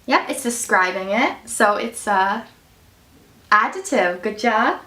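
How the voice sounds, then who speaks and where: A woman's voice: medium pitch, animated, slow pace, sharp tone. A woman reads a picture book aloud and stops to quiz children on nouns, verbs and adjectives, praising their answers in an encouraging singsong teacher voice. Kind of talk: reading aloud and quizzing children on grammar. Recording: echoey room from a distance.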